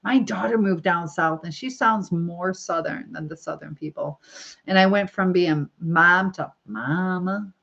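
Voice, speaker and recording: With a lowish, fairly bright voice marked by vocal fry, a middle-aged woman talks unhurriedly on a casual live stream. She styles her hair while reading viewer comments, rambling chattily and laughing often, in slightly dull lo-fi audio.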